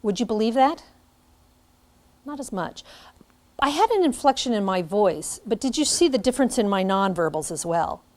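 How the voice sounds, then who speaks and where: Middle-aged woman, teacher educator, lively classroom lecture, acts out examples. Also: medium pitch, normal speed, long pauses. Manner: animated, demonstrates by acting out lines.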